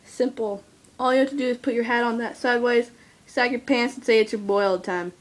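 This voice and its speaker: A woman's voice: a little high, fairly even intonation, fairly quick. A female vlogger chatting casually to camera in a chatty, mock-dramatic, giggly way. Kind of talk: casual vlog chat.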